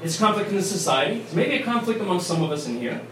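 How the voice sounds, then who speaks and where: A man's voice: high-pitched, lively intonation, fast talker. A man, a priest, giving a chatty, story-filled talk to a crowd in a pub. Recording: echoey pub, distant mic, noise.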